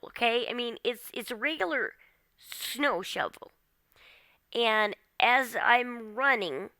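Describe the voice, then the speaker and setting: A woman's voice: on the high side, pushed and bright, no echo. A woman vlogger recounting a frightening personal story in a tense, casual monologue, with lots of fillers like "like" and "okay?". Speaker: vlogger telling her own story.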